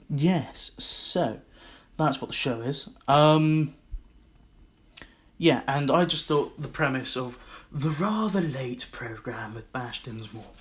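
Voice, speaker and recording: A man with a Scottish accent hosting his own podcast, rambling and self-mocking in a casual solo monologue. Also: mid-range voice. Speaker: podcast host.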